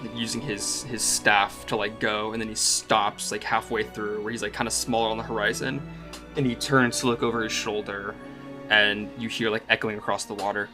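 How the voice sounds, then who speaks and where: Low, flat-voiced game master. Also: male voice, moderate pace. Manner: descriptive, with many filler "like"s. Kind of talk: narrating a tabletop game. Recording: music playing underneath.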